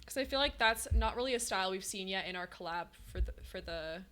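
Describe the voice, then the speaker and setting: A woman game streamer chatting casually with her viewers, talkative and quick to laugh as she answers chat. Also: medium pitch, animated, fairly bright tone.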